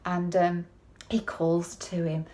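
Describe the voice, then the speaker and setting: A woman's voice: lowish voice, little pitch movement, slow pace, dark tone. A woman giving a conversational sermon in a chatty, folksy way, often turning to the listener with tag questions. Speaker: preacher.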